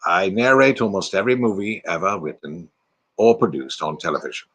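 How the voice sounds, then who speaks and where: A man doing an impression of a slow, grave, deep-voiced elderly male movie narrator. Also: fairly bright tone. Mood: solemn.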